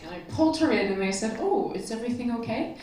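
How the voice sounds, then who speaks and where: A woman's voice: fairly high pitch, expressive, quick pace, a little mellow. A woman telling a personal story to a convention audience, chatty and openly emotional, laughing now and then. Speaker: convention speaker. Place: convention hall stage. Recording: echoey hall from far off, crowd.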